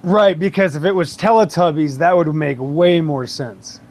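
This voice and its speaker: Man with a high voice, teasing and quick to laugh in casual chat. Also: darkish tone.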